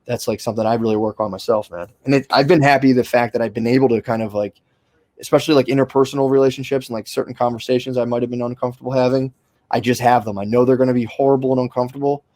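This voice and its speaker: A young man talks quickly on a podcast, circling his points with restarts and casual swearing. His voice sits in a middle register and is recorded close and dry, with no room sound. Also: mid-range voice, steady tone, darkish tone, no echo. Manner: rambling, frequent restarts and fillers, swears casually. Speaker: podcast host.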